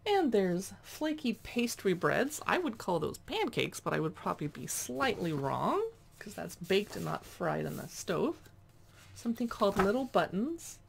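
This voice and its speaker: A chatty woman reviewing a cookbook, reading dish names aloud and adding quick asides. Her pitch moves around a lot, with a gravelly edge to her voice. A faint noise sits behind her. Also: big pitch swings. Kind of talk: casual cookbook flip-through.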